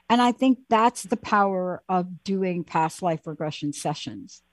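A woman hosting a call-in talk show, talking in an animated, chatty way and taking callers. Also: lowish voice, a little slow, hardly any pauses, no room sound. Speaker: host.

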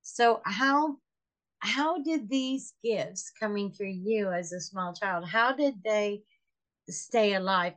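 A woman interviewer guides the talk at a slow, deliberate pace. She gropes for her words as she frames each question, with a voice of middling pitch. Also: fairly bright tone.

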